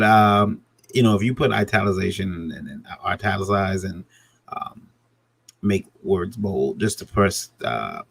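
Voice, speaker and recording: A man's voice: low-pitched, gravelly, breathy edge. A man talking casually about writing comics, rambling with many fillers and restarts and chuckling often. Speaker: comic creator, podcast co-host. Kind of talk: casual discussion.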